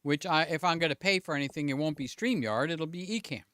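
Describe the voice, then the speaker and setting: A talkative man running a live stream from his home studio, his voice a bit higher than most men's and smooth and resonant. The sound is dry and close, with no room echo, and he thinks aloud in a loose, self-mocking way while checking in with his audience. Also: fast talker, pushed and bright. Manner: chatty, keeps checking in with viewers. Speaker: livestream host. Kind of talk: casual live-stream chat. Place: home studio with several cameras.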